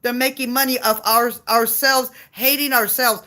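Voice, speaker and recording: A woman's voice: a little high, steady tone, moderate pace, sharp tone. Woman ranting hard on camera, blunt, cussing, keeps circling back. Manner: passionate, blunt, swears freely, repeats herself. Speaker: mother ranting on video. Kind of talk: heated monologue rant.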